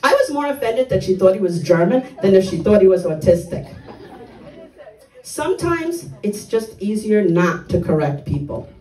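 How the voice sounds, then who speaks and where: An older woman works a stand-up set with blunt, dark one-liners, her pitch swinging in a lively way. The sound is echoey, like a comedy club picked up from a distance. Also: normal speed, a faint crowd.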